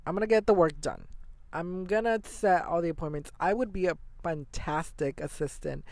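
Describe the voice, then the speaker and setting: Young male podcast host, slightly high, gravelly voice, rambling animated solo monologue. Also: moderate pace, no room sound. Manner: rambling, animated storytelling with fillers and swearing.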